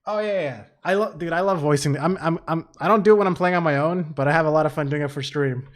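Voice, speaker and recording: A young man doing excitable, swear-heavy let's play commentary as a streamer. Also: on the high side, fast. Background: faint game music.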